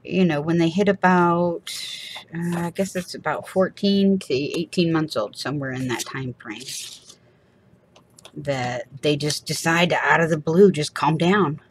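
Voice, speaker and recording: Husky and low, her voice runs a little slow as she crafts for her channel. She rambles in a chatty way, laughing frequently and performing small quoted voices.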